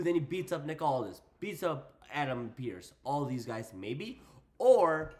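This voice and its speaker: A man's voice: mid-range voice, very animated, unhurried. A man giving a casual, slangy wrestling recap, putting on voices for quotes. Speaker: wrestling commentator.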